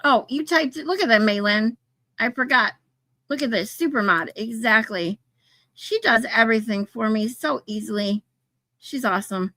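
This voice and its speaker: A woman's voice: fairly high pitch, moderate pace, bright, forceful tone, no room sound. A woman hosting a casual livestream, chatting with viewers, swearing casually and laughing often. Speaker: livestream host. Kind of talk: casual livestream chat, reading chat.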